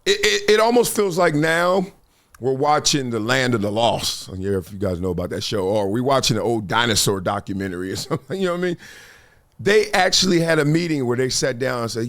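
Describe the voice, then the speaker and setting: A middle-aged man hosting a talk show, telling stories in a slangy, animated way and acting out quotes. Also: mid-range voice, brisk. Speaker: podcast host. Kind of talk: casual talk-show commentary.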